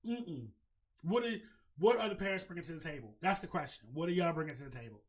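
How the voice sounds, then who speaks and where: Host, man, African American English, higher voice, animated and swearing, reads posts aloud. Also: quick pace. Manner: animated, exclaiming, swearing, cackling laughs. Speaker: podcast host. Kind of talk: casual chat, reading a forum post aloud.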